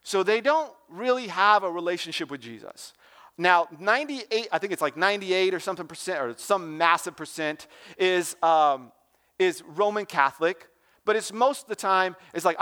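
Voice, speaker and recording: A man preaching as a youth pastor in a church, loose and joking, tossing in "right?" and "like" as he goes. His voice sits high and comes across smooth and clear. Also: normal speed, sharp tone. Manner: informal and joking, with lots of "like" and "right?". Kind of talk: casual sermon talk.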